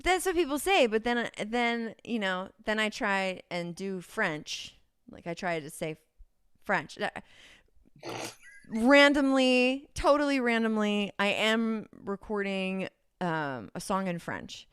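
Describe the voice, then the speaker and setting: A woman's voice: medium pitch, expressive, takes it slowly, fairly bright tone, clear, resonant tone, no room sound, clean studio sound. A woman with a Californian accent, a podcast guest who rambles and giggles through casual chat, full of ums. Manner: rambling, giggly, many fillers.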